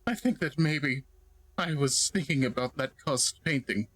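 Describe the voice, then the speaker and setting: A man's voice: medium pitch, measured pace, a bit bright, breathy edge. A man voicing a frightened, paranoid man hiding in a closet, with a shaky, stammering, apologetic delivery while reading game dialogue aloud. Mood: uncertain.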